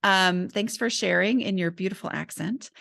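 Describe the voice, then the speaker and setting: Woman, podcast host, friendly casual chat, gravelly edges, dry recording. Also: mid-range voice, normal speed, a bit bright, dry recording. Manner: chatty, laughs easily, southern "y'all".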